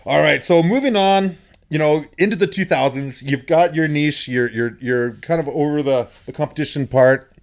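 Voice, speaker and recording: A middle-aged man hosting a podcast, telling stories in a casual, animated way and laughing often. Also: fairly high pitch, moderate pace. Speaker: podcast host. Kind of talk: casual storytelling chat.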